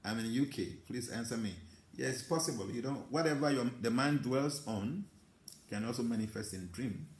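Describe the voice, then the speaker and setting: A man's voice: mid-range voice, moderate pace, reverberant. A Ghanaian man with an accent, a spiritual teacher reading out viewer comments and answering them in an emphatic live talk. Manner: mixes English with Twi, animated and emphatic.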